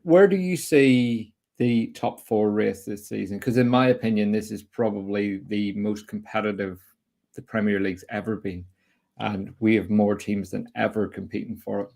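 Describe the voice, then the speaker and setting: A young man with a low, gravelly voice hosts a casual football podcast. He sounds chatty and opinionated as he talks through the season ahead and puts quick questions to his guest. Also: fairly even intonation, a little mellow. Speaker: host.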